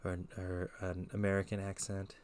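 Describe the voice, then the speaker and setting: A man's voice: sits low, completely flat delivery, moderate pace, a little mellow, slight background noise. A man in his twenties from the Philippines, chatting casually and slangily on a live stream through a headset. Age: 20s. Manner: laid-back, slangy, chatty.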